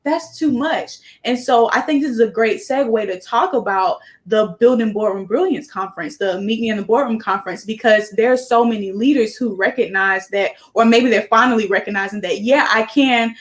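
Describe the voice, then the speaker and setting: A woman hosting a casual talk show, warmly affirming her guest. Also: fairly high pitch, moderate pace, few pauses. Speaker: host. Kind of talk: casual chat.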